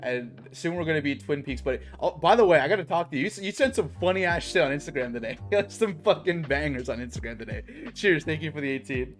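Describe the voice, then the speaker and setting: Animated young male streamer, cursing a lot. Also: a little high, quick pace, few pauses, soft background music. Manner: swearing, animated storytelling, says bro a lot. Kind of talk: casual stream chat.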